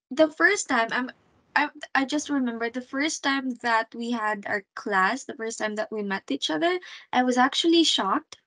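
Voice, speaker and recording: Woman, online English tutor, higher pitch, gentle and encouraging, filler-heavy, dry video-call sound. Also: dry recording, rough recording. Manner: patient and encouraging, many fillers and repeated words. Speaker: English teacher. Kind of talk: online one-on-one English lesson.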